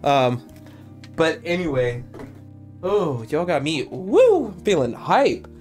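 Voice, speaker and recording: An excitable young man hosts a casual reaction video, exclaiming often and dropping sentences halfway. His voice sits a little high for a man. Faint music plays under him. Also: slow pace. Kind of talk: animated casual commentary.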